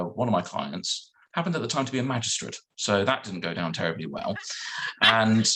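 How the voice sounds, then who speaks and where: A man, a solicitor, telling a lively anecdote on a video call and acting out the other people in it. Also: fairly low pitch. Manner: animated storyteller acting out dialogue. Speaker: guest solicitor.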